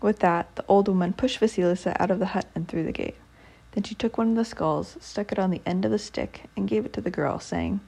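A woman reading a folk tale aloud as storyteller, with a measured, steady manner. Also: medium pitch, creaky, husky.

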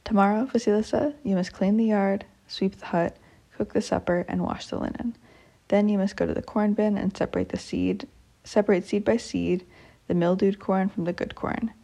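A fearsome old storybook witch who barks orders and threatens to eat whoever fails her, put on by a woman reading aloud. The voice is gravelly and husky, with a dark tone. She sounds commanding and cold. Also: mid-range voice, steady tone, moderate pace. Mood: threatening.

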